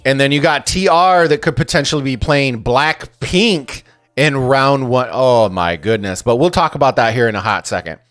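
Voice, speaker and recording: An excitable man streaming and casting a strategy game tournament, reading his chat aloud and swearing casually. His voice sits at an ordinary middle pitch and sounds dry and close, with no room echo. Faint music plays underneath. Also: normal speed. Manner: excitable, swears freely, chatty with viewers.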